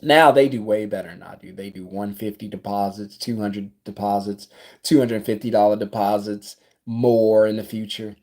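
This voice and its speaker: A man in his thirties with a South Louisiana accent, a business coach telling a story to camera in his office in an animated, conversational way. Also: lowish voice, normal speed. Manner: animated, conversational, acts out dialogue.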